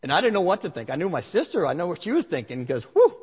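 A man's voice: high-pitched, wildly swooping pitch, racing, slightly rough. A male pastor giving a sermon to a congregation, telling a candid personal story in a conversational way. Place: large room with a congregation. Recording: dull sound with long hall reverb.

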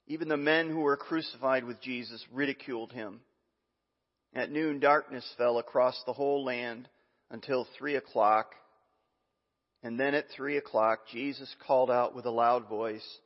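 Pastor preaching in a reverberant sanctuary. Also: male voice, mid-range voice, fairly even intonation. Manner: reads scripture aloud with asides, some halting restarts. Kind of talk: sermon. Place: church sanctuary. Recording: muffled, long hall reverb.

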